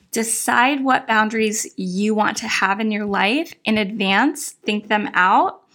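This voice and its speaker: Firm, instructive woman with a higher voice. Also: fairly bright tone. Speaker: self-help coach. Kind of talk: direct-to-camera advice talk.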